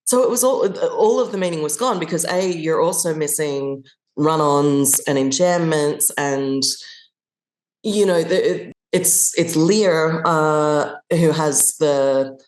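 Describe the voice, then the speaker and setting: A woman from Australia with a low voice talks as a podcast guest, recorded in a roomy, echoey space. She thinks aloud, restarts her phrases and slips into little acted-out examples. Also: slow pace, a little mellow. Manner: thoughtful, restarts often, acts out examples. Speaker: guest actor. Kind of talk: conversational podcast interview.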